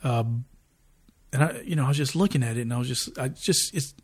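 A middle-aged man co-hosting a podcast in casual chat, a rambling storyteller who gets animated and laughs often. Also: medium pitch, a little fast, breathy edge. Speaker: podcast co-host.

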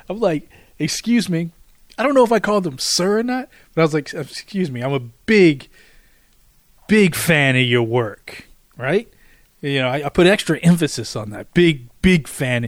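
A man's voice: on the high side, no room sound, studio quality. Chatty man telling a rambling story. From Washington, D.C. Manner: rambling, repeats himself, animated storyteller. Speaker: podcast host. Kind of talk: casual solo storytelling.

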